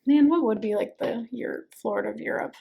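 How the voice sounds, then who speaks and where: A woman's voice: on the high side, fairly quick, gravelly, muffled recording. A young adult woman co-hosting a podcast, chatting casually with a giggly, rambling manner full of fillers. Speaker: podcast co-host. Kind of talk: casual chat.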